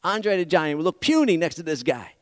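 High-voiced guy preaching, slangy and animated, dry sound. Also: brisk, no room sound. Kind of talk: sermon storytelling.

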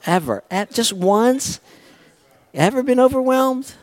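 Animated preaching man, dry close sound. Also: extremely high pitch, a little slow, dry recording. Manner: animated preaching, swinging from loud pleading to hushed asides. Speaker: pastor. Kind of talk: sermon.

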